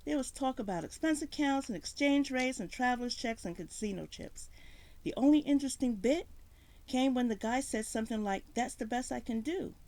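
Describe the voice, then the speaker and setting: A woman's voice: a little high, fairly quick. A woman reading a story aloud, narrating expressively. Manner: expressive narration with voiced characters.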